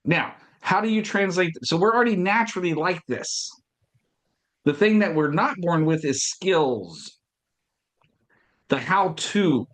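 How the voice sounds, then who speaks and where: A man coaches listeners on sales with emphatic conviction, repeating his key lines for weight. His voice sits a little on the high side. He slips into quick acted-out dialogue from his past. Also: lively intonation, fairly bright tone. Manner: emphatic, repeats points, acts out past conversations. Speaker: podcast host and business coach. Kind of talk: motivational talk on sales.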